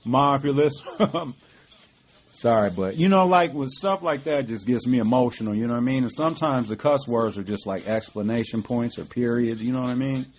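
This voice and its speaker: Speaking briskly at a medium pitch, a middle-aged man hosts a podcast where he riffs on politics. He's conversational, forceful, and foul-mouthed, leaning constantly on phrases such as "you know what I mean."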